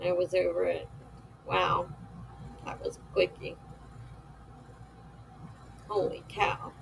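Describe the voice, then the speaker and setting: A woman talks casually to her viewers on a live stream, candid and a little gossipy. She takes her time over her words. Her voice carries a gravelly crackle, and a faint hiss sits behind it. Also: fairly low pitch, fairly even intonation, slow. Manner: candid, gossipy, laughs often. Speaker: writer hosting a live stream.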